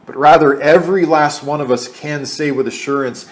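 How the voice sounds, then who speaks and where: A man's voice: fairly high pitch, fairly even intonation, normal speed. A man preaching a sermon in an earnest way, repeating phrases for emphasis.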